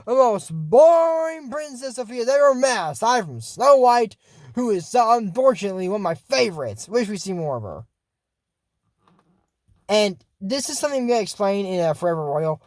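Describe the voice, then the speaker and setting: A man's voice: high-pitched, very animated, brisk, dry recording. A man hosting a casual video, recapping a cartoon episode with rambling, meandering asides. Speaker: video host.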